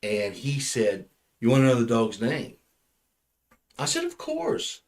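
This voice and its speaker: A man's voice: medium pitch, huge pitch swings, unhurried, a little mellow. Rambling man telling a story. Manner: rambling, restarts often, laughs at his own story. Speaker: podcast host. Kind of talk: casual storytelling chat.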